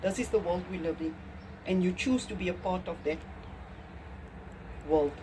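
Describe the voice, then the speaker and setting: A woman's voice: lowish voice, moderate pace, noisy background. A woman with a South African accent talking casually to her vlog audience at home, emphatic and repeating phrases for effect. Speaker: vlogger. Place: home kitchen.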